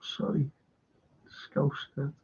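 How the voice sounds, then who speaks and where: On a casual live stream, a middle-aged man working as a podcast host reads viewer comments out loud, chuckling with the odd curse. He draws out his words in a darkish tone, heard through dull lo-fi stream audio.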